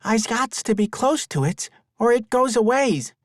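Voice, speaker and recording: A man's voice: animated, a little slow, dry recording, studio quality. A man doing a shy little dragon girl. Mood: firm. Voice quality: high childlike voice, toddler grammar.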